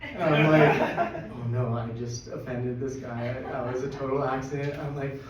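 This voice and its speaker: A man telling a personal story at a live storytelling event, excitable and laughing through it. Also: medium pitch, normal speed, crowd noise. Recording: echoey, distant, dull live recording with noise.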